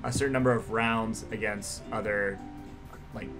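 A man's voice: on the low side, fairly even intonation, moderate pace, music in the background. A young man co-hosting a let's play, telling rambling stories and laughing often. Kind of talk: casual gaming commentary.

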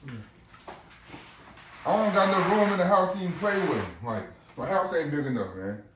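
A man's voice: high voice, lively intonation, a little fast, fairly bright tone, echoey room, distant mic, slight background noise. A man talking casually in a vlog, loose and slangy, coaxing and praising his big dog at home. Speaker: dog breeder vlogger.

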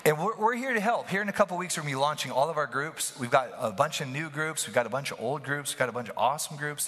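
A man preaching a lively sermon, playful and animated, who often asks the congregation questions. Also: fairly high pitch. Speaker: pastor. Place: church hall. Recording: live in a reverberant hall.

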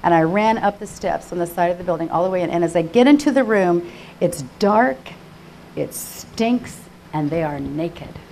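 A woman's voice: fairly low pitch, normal speed, gravelly, slight background noise. Fervent older woman giving testimony. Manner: fervent, repetitive, swings from hushed to crying out. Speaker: conference speaker. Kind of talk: emotional personal testimony sermon.

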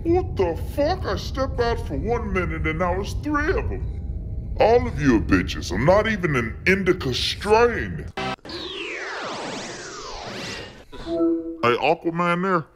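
A man voicing a boastful, crude male smoke demon in an animated comedy parody. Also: high-pitched, a little slow, over music, full character voice. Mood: annoyed. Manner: menacing, crude, trash-talking.

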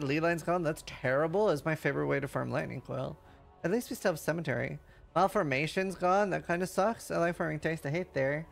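A man streaming live, reading game patch notes aloud quickly and breaking into loud, excited reactions. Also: fairly high pitch, creaky. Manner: reads lines quickly, then reacts with loud excited outbursts.

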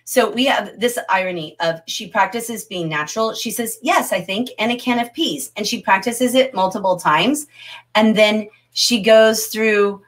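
A middle-aged woman teaches a literature lesson on a livestream. She talks in a chatty, animated way and reacts to viewers' comments. Her voice sits at an ordinary middle pitch. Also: unhurried. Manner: animated, chatty, reads chat comments aloud.

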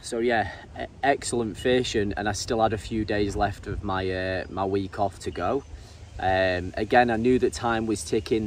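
An English man narrating his fishing vlog in a casual, halting way, often repeating words and saying um. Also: fairly low pitch. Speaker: angler and vlogger. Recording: distant mic with faint ambient noise.

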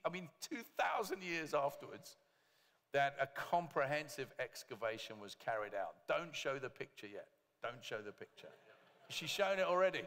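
A man preaching a sermon as pastor, lively, with joking asides to the congregation. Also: fairly high pitch, long reverb tail. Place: church hall.

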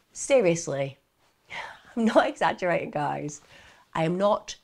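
A woman's voice: lowish voice, animated, measured pace, gravelly, long pauses, a little mellow. A woman telling a true crime case in a chatty way, talking directly to her viewers.

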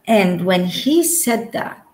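A woman from Egypt in her forties, telling her personal near-death story as an interview guest, earnest and searching, with quick giggles and restarts. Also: medium pitch, expressive, darkish tone, echoey room, low-quality recording. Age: 40s. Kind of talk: emotional personal testimony.

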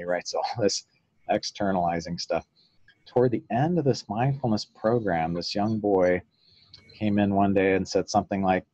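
A man's voice: low voice, normal speed, no room sound, lo-fi sound. A man, a psychologist guest in an interview, explaining ideas through stories and often chuckling. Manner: relaxed storyteller, acts out quotes, chuckles often.

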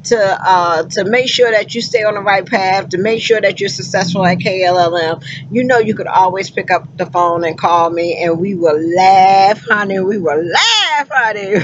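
A woman's voice: mid-range voice, normal speed, highs cut off, a little hiss or hum. A woman truck driver and recruiter talking casually to her viewers, effusive and folksy, calling them honey and child. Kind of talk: casual vlog talk to viewers.

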